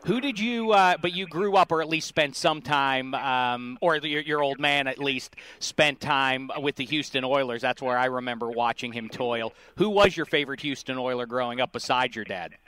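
A man's voice: mid-range voice, moderate pace, few pauses, bright, forceful tone, smooth, no room sound. A male host chatting casually and joking with a guest, rambling with fillers. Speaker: radio show host interviewing an athlete. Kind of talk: casual interview chat.

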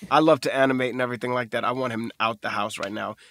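A man co-hosting a podcast, telling animated stories in casual chat, jumping his voice up high to play other people. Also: fast, dry recording. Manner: animated storyteller, jumps high for voices, emphatic. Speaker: podcast co-host.

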